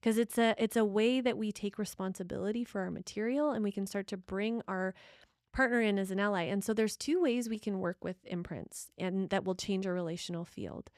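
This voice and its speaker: A middle-aged woman co-hosting a casual relationship talk, speaking in an animated, emphatic way and laughing often. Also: medium pitch, a little fast, dry recording, studio quality. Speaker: podcast co-host.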